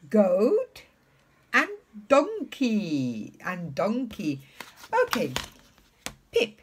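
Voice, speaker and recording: A woman leads a children's English lesson, coaxing a puppet pupil along. Her pitch swoops widely and she speaks slowly and patiently. Her voice is soft and breathy. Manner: slow, sing-song teacher talk to a puppet pupil.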